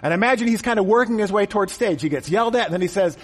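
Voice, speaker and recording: A man's voice: high voice, expressive, fast talker, in a large hall. A man preaching a conversational, joking sermon to a congregation in a church. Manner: conversational and joking, acts out quotes. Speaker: pastor. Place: church auditorium.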